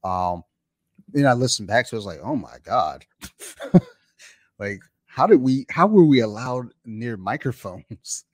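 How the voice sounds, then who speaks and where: A podcast host with a medium-pitched, animated, slightly mellow voice tells stories at a moderate pace in a rambling, laid-back casual chat packed with fillers. It's recorded dry on a home podcast mic.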